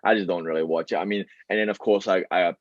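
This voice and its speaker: Chatty low-voiced Glaswegian man. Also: fairly even intonation, fast, no room sound, muffled recording. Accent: Glaswegian Scottish. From Scotland. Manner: rambling, many fillers and restarts. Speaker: podcast guest. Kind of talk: casual chat.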